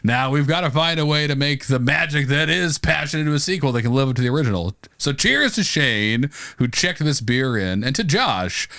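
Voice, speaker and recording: A man co-hosting a podcast with comedic banter, theatrical and quick to laugh. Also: mid-range voice, fairly bright tone, no echo, clean studio sound. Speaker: podcast co-host.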